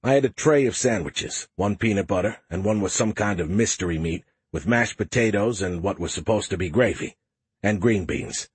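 A man narrating a first-person audiobook in a steady, wry, matter-of-fact way. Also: fairly low pitch, normal speed, husky, no echo.

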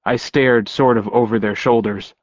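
A man reading a first-person novel aloud in a wry, deadpan way. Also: mid-range voice, moderate pace, dry recording, dull audio. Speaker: audiobook narrator. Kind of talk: first-person audiobook narration.

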